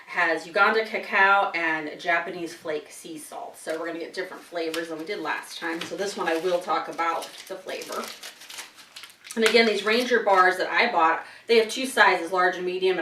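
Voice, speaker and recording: A woman's voice: on the low side, steady tone, moderate pace, bright, forceful tone, a little hiss or hum. A woman hosting a casual tasting video, chatting while she chews and laughing often. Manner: chatty, talks while chewing, frequent laughs. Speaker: wine and chocolate tasting host. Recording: roomy sound from some distance.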